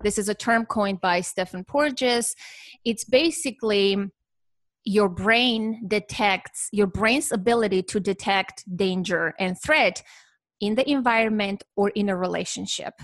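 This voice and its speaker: Woman explaining calmly on a podcast. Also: medium pitch, dry recording. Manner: measured, explains with examples and lists.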